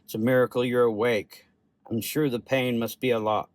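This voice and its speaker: A man voicing an older Russian doctor with a Russian accent, speaking slowly and gently. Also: mid-range voice, flat delivery, no echo, lightly acted. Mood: grave. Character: older male Russian doctor, kind, sad.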